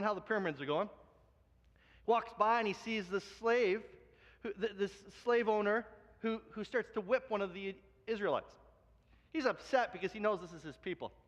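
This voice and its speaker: A high-pitched man preaching in an animated way, slipping into voices for the people in his stories. The sound is muffled and carries a long church-hall reverb. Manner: animated storytelling, acts out quoted voices. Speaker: pastor. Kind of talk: sermon. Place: church sanctuary.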